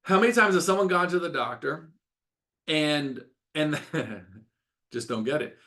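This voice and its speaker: A man's voice: on the high side, expressive, measured pace, pushed and bright. A middle-aged man, a doctor hosting a webinar, talking with passion, ranting and repeating words for emphasis.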